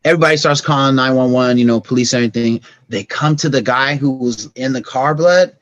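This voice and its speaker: A middle-aged man appears as a podcast guest, telling stories in casual conversation, acting out scenes with sound effects and going soft and reflective at emotional moments. His mid-range voice moves a little fast, and the dry recording has its highs cut off.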